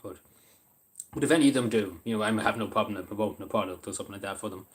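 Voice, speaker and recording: A man's voice: fairly low pitch, very fast. Rambling Irish man on a live stream. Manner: rambling, many ums and restarts; eats while talking. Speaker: livestreamer reading chat. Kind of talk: casual live-stream chat.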